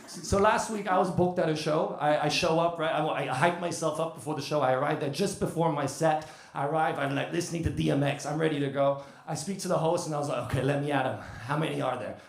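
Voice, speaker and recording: High-voiced British stand-up comedian. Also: male voice, fast talker, creaky, echoey room. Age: 30s. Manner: chatty, animated storytelling with crowd work. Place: comedy club stage.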